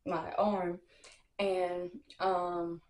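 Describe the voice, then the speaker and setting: A young storytime vlogger with a lowish voice speaks extremely slowly in a somewhat echoey room, spilling the tea in a casual storytime. She's animated and brash, packed with slang and profanity, and acts out everyone else's lines in quotes.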